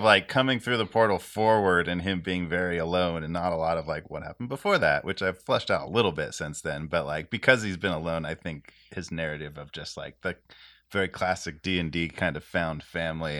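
A man's voice: sits low, brisk, a bit bright. A man chatting casually and reflectively, laughing as he talks. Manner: reflective, laughs while talking. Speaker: podcast co-host and player. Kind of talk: casual chat.

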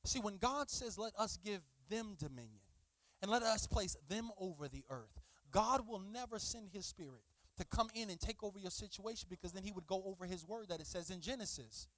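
A middle-aged man preaching a sermon, swinging from shouted, rising passages to quiet, drawn-out asides, and talking straight to the congregation with "y'all" and playful teasing. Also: high-pitched, lively intonation, no echo. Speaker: pastor.

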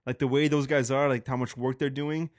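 A man's voice: mid-range voice, flat delivery, a little fast, no room sound. Joking, foul-mouthed man, dry sound. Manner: joking, profane, teasing. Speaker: podcast co-host. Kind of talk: casual chat.

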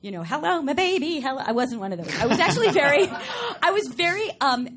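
A woman's voice: high voice, sing-song, fairly quick, fairly bright tone, slight background noise. A middle-aged woman from Long Island, New York, with no regional accent, chatting as a talk show guest in a rambling way and laughing often. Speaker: guest actress. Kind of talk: casual talk show chat.

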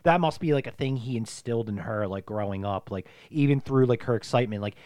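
A man's voice: medium pitch, fast, darkish tone, dry recording. A man co-hosting a casual podcast, rambling through a movie recap with lots of fillers and swearing. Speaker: podcast co-host.

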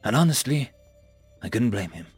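A man's voice: medium pitch, very animated, moderate pace, husky, no echo, faint music behind. A man narrating a first-person science fiction story in a wry, conversational way, close to the mic. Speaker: audiobook narrator.

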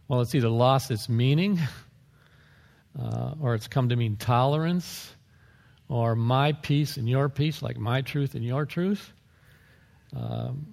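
Male pastor, mid-pitched gravelly voice, chatty sermon delivery, reverberant hall. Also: a little mellow. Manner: conversational preaching with asides and chuckles.

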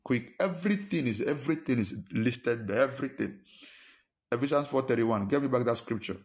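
A man's voice: mid-range voice, lively intonation, brisk. A man preaching a sermon as pastor, emphatic and full of rhetorical questions. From Nigeria. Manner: emphatic, fires rhetorical questions, acts out quarrels in a raised voice.

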